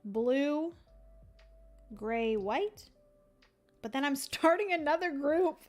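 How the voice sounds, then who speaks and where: A young woman talks through her moves unhurriedly, a little high in her voice, musing aloud as she plays. She chats casually with her viewers between turns. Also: lively intonation, slow pace, long pauses, faint music behind. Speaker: livestream host playing a solo board game. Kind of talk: casual livestream chat.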